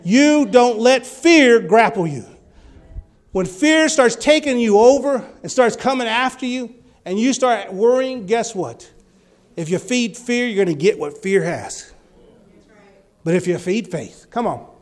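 A male preacher giving a sermon, telling healing stories and rising to loud, fervent exclamations. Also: very high voice, lively intonation, measured pace.

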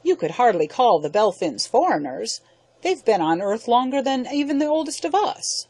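A woman's voice: fairly high pitch, sing-song, normal speed, dark tone, dry recording, voice pushed up. A woman reading an audiobook, voicing an earnest, loyal young man who answers tightly. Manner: tight, earnest, slightly indignant.

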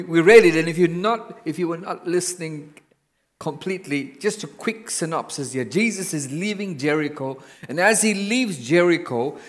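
A man preaching a sermon in a church, slow and emphatic, building to loud exhortation. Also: fairly high pitch, big-room sound.

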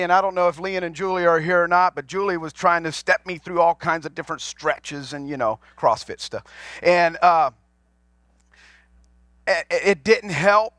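A man's voice: sits high, sharp tone, no echo. A man in his forties, a pastor, preaching a sermon to his congregation in a folksy storytelling way, asking them questions as he goes. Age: 40s. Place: church sanctuary.

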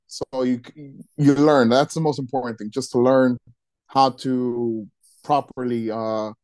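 A man who works as a wedding DJ and MC, giving advice in a casual podcast chat, halting and restarting his sentences often. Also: medium pitch, steady tone, a little mellow, no room sound. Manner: halting, with many restarts and repeated words.

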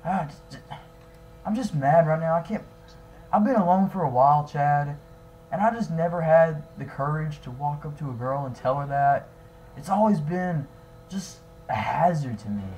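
A young man voicing his own character in a fan-made game drama, excitable and swinging between shouting and nervous mumbling. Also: a little high, moderate pace, soft background music, rough recording. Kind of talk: improvised fan machinima dialogue.

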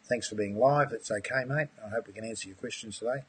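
Talking fast in a fairly low voice with a breathy edge, this man runs a live aquaponics webinar as a course instructor. He is warm and keen, fielding viewer questions and addressing people as mate.

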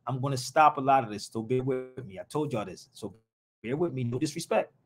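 A man's voice: mid-range voice, a little fast, soft background music. A man hosting a live show in a casual stream, talking in an impassioned, blunt and rambling way, heavy on slang.

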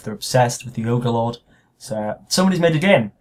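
A man's voice: medium pitch, fairly quick. A man hosting a let's play, joking crudely and swearing as he plays. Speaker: gaming video host.

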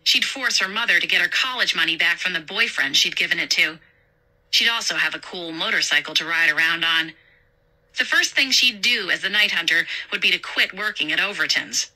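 A woman narrating a suspenseful horror story in a measured storytelling voice. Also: lowish voice, bright, forceful tone, poor audio.

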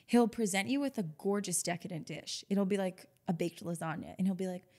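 A woman's voice: medium pitch, brisk, warm tone. Woman co-host, chatty and keen, casual podcast talk. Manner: chatty, enthusiastic storyteller. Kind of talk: casual chat.

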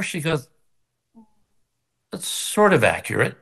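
A man's voice: mid-range voice, expressive, normal speed, creaky, fairly bright tone. An older man and actor telling a story as a guest on a video call from his kitchen, laughing often and acting out the voices he quotes. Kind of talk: casual anecdote on a video call. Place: home kitchen.

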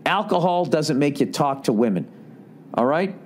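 A middle-aged man giving blunt, profane advice on a comedy podcast, shifting into higher voices to act out little scenes. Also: animated, moderate pace, darkish tone, slight background noise. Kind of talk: casual comedic advice rant.

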